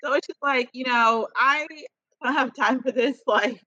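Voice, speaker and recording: Bright blunt woman podcast host. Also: sits high, unhurried, no room sound, dull audio. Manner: animated storytelling, blunt, laughs often. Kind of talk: casual chat.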